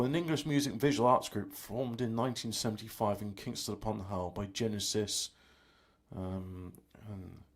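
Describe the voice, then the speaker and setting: A man chatting casually while editing audio as a music producer, rambling and mocking himself as he thinks aloud. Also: lowish voice. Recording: music playing loudly alongside.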